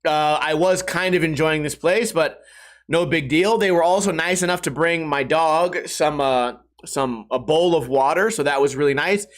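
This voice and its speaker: Male podcast host, middle-aged, slightly high voice; loose, profane, jokey solo storytelling with voiced-out quotes. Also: normal speed. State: hungover and stiff.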